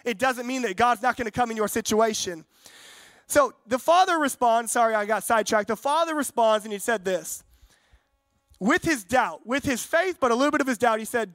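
A man's voice: extremely high pitch, lively intonation, moderate pace, fairly bright tone, no echo. A young man preaching a sermon to a congregation, conversational and fervent, acting out quotes from the story and from everyday life. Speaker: pastor.

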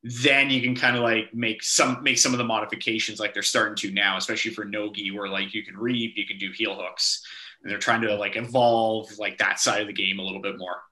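A man's voice: fairly low pitch, level tone, fairly quick, sharp tone. A male podcast host asking long, rambling questions packed with 'like'. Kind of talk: casual interview talk.

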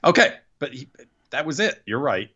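A man's voice: medium pitch, sing-song, moderate pace, bright, forceful tone, highs cut off. A man co-hosting a casual chat, adding dry, skeptical comments. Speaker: podcast co-host.

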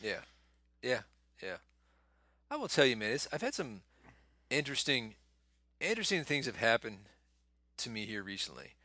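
A man's voice: medium pitch, very animated, moderate pace, long pauses, bright, forceful tone, no room sound, clean studio sound. A man in casual chat, laid-back, laughing easily and often saying "man" and "you know".

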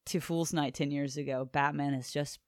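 A woman's voice: low voice, fairly even intonation, moderate pace, no room sound, studio quality. A woman co-hosting a podcast, enthusiastically recapping a comic book in casual chat and swearing now and then. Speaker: podcast co-host.

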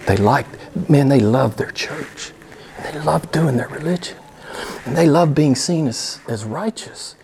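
A middle-aged male preacher delivering a sermon with passion, his voice jumping from hushed asides to sudden high, emphatic rises. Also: unhurried, a crowd in the background. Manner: impassioned, swings from quiet to loud with sudden rises.

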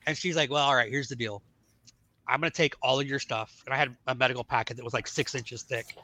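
Lively middle-aged man telling his story. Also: medium pitch, fast. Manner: animated storyteller acting out dialogue. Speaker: podcast guest. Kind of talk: telling his life story in casual chat.

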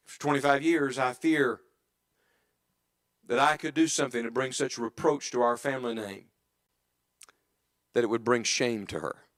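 A middle-aged man preaching a sermon in church, dropping to an earnest hush and rising to emphatic calls, often asking the congregation questions. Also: medium pitch, normal speed, long pauses. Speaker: evangelist preacher.

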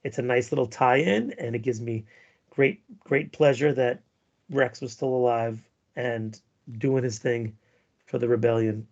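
Gravelly, husky man, rambling banter. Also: mid-range voice, unhurried, a little mellow. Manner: rambling, profane, stumbles and restarts. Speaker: podcast co-host. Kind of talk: crude casual podcast banter. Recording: dull lo-fi sound.

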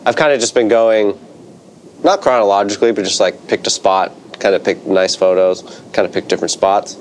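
A man's voice: fairly low pitch, steady tone, brisk, slight background noise. A young man co-hosting a podcast, chatting casually in a laid-back way with surfer slang and lots of swearing. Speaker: podcast co-host. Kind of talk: casual chat.

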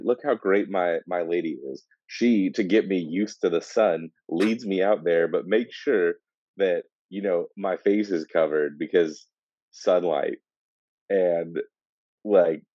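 A man's voice: low voice, dark tone, no echo, dull audio. A man co-hosting a casual book discussion, rambling and acting out characters in funny voices. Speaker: podcast co-host.

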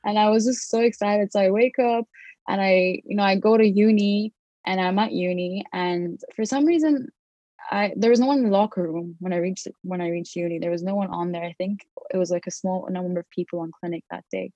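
A woman's voice: medium pitch, a little fast, dark tone, dry recording. Chatty young woman telling a story. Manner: chatty, lots of fillers and quoted thoughts. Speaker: dental student. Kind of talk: casual storytelling chat.

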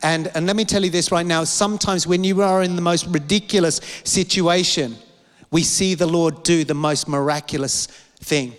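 A man's voice: on the high side, fairly even intonation, normal speed. Impassioned man preaching in a big hall. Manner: impassioned, repetitive, rhetorical questions. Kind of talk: sermon.

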